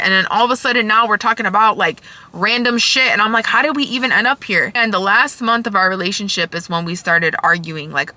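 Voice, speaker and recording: Bright, fiery young woman telling a story. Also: medium pitch. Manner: heated, emphatic, swears freely. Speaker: vlogger. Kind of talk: storytime vlog.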